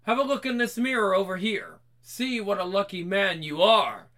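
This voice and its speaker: Brief: reader does a brisk, kindly doctor, bedside manner. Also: medium pitch, a bit bright, lightly acted. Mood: soothing. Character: brisk reassuring hospital doctor.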